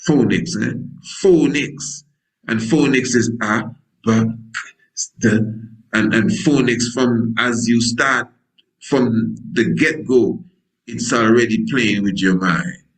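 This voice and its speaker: A man's voice: medium pitch, takes it slowly, poor audio. A male priest preaching a sermon in a folksy, digressive way, full of wordplay, who acts out scripture dialogue in different voices.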